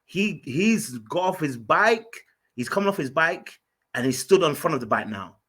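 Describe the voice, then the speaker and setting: A man's voice: on the high side, sing-song, normal speed, a bit bright, slightly rough. A man hosting a podcast, telling a story in an emphatic, casual way and often restarting and repeating his words. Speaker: podcast host.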